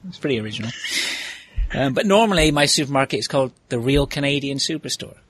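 Husky-voiced man telling a rambling story. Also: mid-range voice, animated, fast, a bit bright, dry recording. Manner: rambling storyteller, chatty asides. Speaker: podcast host. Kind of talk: casual chat.

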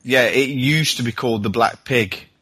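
A man's voice: mid-range voice, normal speed, pushed and bright, slightly rough, no echo. A man in casual podcast chat who jokes and hesitates over quiz answers. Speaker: podcast co-host, quiz contestant.

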